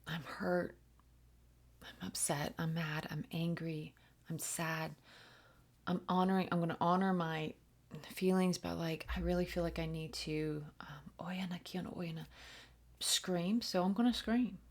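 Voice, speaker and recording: A woman with a somewhat low voice gives a channeled spiritual reading. She speaks softly and hesitantly, often dropping to a whisper. She weaves flowing strings of invented syllables into her plain talk. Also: steady tone. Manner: soft-spoken, often drops to a whisper, halting with fillers. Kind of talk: channeled reading with spoken light language.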